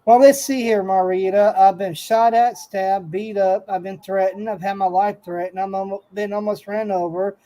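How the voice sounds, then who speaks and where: Reporter type, man, warm dark tone, blunt delivery. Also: sits high, fairly even intonation, moderate pace, few pauses, poor audio. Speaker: news reporter. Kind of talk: casual chat.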